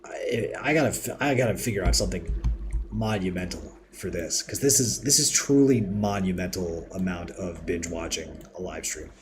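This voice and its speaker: A man with a very deep voice hosts a live game stream, rambling cheerfully and thanking his chat as he works. Keyboard typing and mouse clicks clatter clearly behind him. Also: normal speed, background noise. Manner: chatty, rambling, reads chat aloud and thanks viewers. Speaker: livestream host. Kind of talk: casual live game-building commentary.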